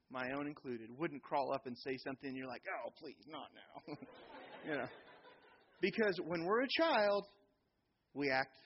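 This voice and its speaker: A middle-aged man preaching a sermon in a church, animated, sometimes acting out children's voices. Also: medium pitch, highs cut off, a little hiss or hum. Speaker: pastor.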